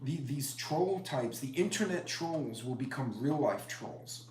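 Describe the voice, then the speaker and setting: A man's voice: mid-range voice, expressive, unhurried, a little mellow, a little hiss or hum. A middle-aged man hosting a casual live stream, rambling and chatty as he greets commenters. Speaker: preparedness live-stream host. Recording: echoey room.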